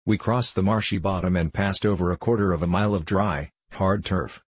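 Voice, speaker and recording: A man narrating a classic detective story as an audiobook reader, telling it in a steady, even way. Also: low-pitched, brisk, breathy edge.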